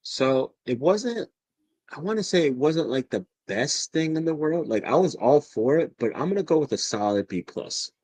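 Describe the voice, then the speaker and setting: A man chatting as a podcast guest, excitable and profane, laughing often as he talks. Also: fairly high pitch, normal speed, slightly rough, dry recording. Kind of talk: casual chat.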